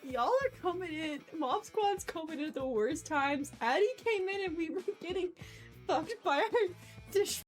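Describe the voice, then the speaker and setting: A woman's voice: very high voice, animated, normal speed, faint music behind. A young adult woman streaming games, chatting casually and rambling, with frequent laughs. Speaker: game streamer. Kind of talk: casual live-stream chat.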